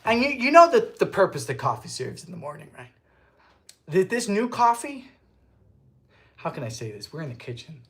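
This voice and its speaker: A man's voice: sits high, wildly swooping pitch, normal speed, long pauses, breathy edge. Goofy guy baking live in his kitchen, chatty and playful, voice jumps all over the place. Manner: playful, goofy, breaks into loud laughter. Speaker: baking show host. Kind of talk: casual livestream chat reading viewer comments. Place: home kitchen.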